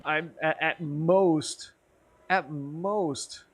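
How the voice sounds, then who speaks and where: Speaking extremely slowly in a slightly high voice, a man tells a rambling, profanity-laced story on his stream. He's had a few drinks and is tipsy, growing animated whenever something riles him during the casual chat.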